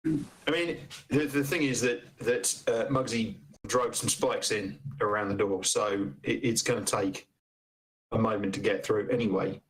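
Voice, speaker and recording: A man runs a tabletop role-playing game as game master, describing what the players hear and see. He speaks matter-of-factly in a somewhat low voice. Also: a little slow, low-quality recording.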